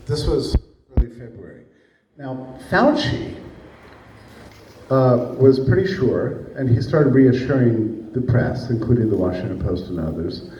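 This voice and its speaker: A man lectures to a live audience, his delivery emphatic and laced with sarcasm. His voice is dark and low, and it is picked up from some distance. The room around him is echoey. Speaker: speaker giving a talk. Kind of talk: public lecture. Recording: echoey room, heard from a distance, faint noise.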